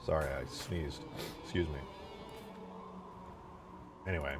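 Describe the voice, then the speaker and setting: A man's voice: rumbling low, slow pace, over music. A young man casually chatting with his livestream chat while modding a game, joking around and swearing often. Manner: animated, swears often, jokey banter with chat. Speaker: streamer modding a video game.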